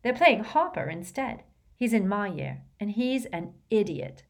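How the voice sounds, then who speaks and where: A woman voicing a brisk, cheerful teenage witch who passes on news brightly. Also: medium pitch, sing-song, voice pushed up. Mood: dismissive. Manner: bright, gossipy.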